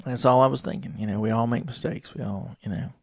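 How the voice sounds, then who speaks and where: A middle-aged man hosts a podcast alone, speaking fast at a medium pitch. He rambles through wry, profane stories in a casual monologue.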